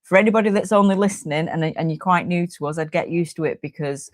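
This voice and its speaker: Low-voiced woman, bubbly co-host. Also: fast, no echo. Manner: bubbly, laughs often, teasing. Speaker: podcast co-host. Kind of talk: casual chat.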